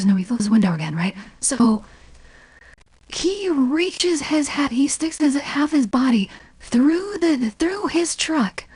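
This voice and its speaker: Breathy, hushed woman telling stories. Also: high voice, no room sound. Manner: rambling, many fillers and restarts; swears freely. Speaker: streamer. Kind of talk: casual storytelling chat.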